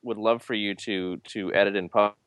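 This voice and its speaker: A man co-hosting a podcast in casual chat, talking haltingly with frequent restarts. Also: lowish voice, fairly even intonation, fairly bright tone, clear, resonant tone, no room sound, studio quality. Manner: halting, many restarts and fillers. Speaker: podcast co-host.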